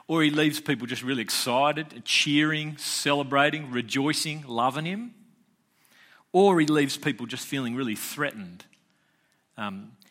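Chatty pastor, bright voice. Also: male voice, mid-range voice. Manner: chatty, joking, lots of restarts. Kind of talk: casual sermon.

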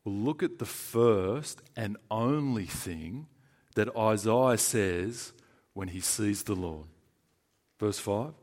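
Taking his time in a lowish voice, an Australian-accented man delivers a sermon. His style is conversational yet emphatic, alternating booming stresses with quiet lines.

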